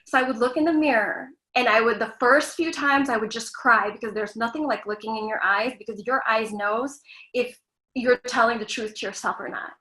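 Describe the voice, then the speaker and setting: A woman with a bright, high speaking voice talks openly and earnestly as a guest, offering self-help advice. Her words carry a roomy echo around them. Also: fairly quick. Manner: earnest, frank, lightly profane. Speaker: guest, screen actress. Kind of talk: candid self-help talk.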